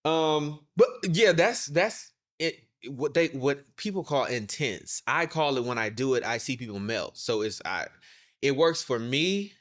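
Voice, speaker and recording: A man's voice: mid-range voice, lively intonation, a little slow, fairly bright tone. A man co-hosting a podcast in casual chat, teasing and laughing often. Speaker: podcast co-host.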